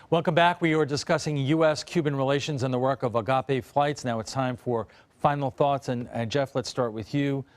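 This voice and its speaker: A man's voice: mid-range voice, steady tone, normal speed. A man hosting a local TV roundtable discussion and asking the guests long questions. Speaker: TV roundtable host. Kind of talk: broadcast panel discussion.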